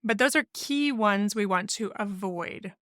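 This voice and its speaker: A woman's voice: mid-range voice, a little slow, a bit bright, dry recording, studio quality. Earnest woman giving parenting advice. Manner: earnest, instructive, acts out sample phrases. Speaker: family therapist, podcast host. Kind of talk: solo podcast advice talk.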